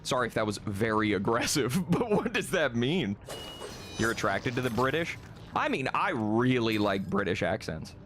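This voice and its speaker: A man's voice: medium pitch, big pitch swings, moderate pace, a bit bright, slight background noise. A young man chatting casually on a live stream, reading chat, rambling, laughing often and swearing freely.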